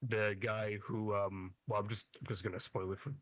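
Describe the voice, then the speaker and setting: A man's voice: fairly low pitch, flat delivery, moderate pace, a bit bright, no echo. A man co-hosting a casual podcast, offering trivia and correcting himself, with mild swearing. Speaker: podcast co-host. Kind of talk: casual chat.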